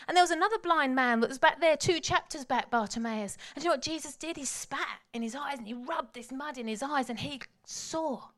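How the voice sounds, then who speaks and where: High-voiced woman preaching. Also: fairly quick, few pauses. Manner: dramatic storytelling, swings from hushed to shouting. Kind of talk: sermon.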